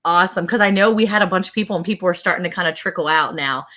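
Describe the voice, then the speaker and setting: A woman's voice: lowish voice, racing, bright, forceful tone. A middle-aged woman hosting a casual live chat, telling rambling stories and acting out quotes. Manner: rambling storyteller, acts out quotes. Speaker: host.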